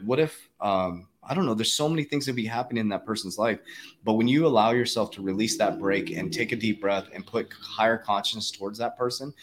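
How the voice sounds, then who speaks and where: Deep voiced guy rattling on fast, earnest and emphatic, lots of um and like. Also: fairly bright tone. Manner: earnest, emphatic, many fillers and restarts. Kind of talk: casual podcast chat.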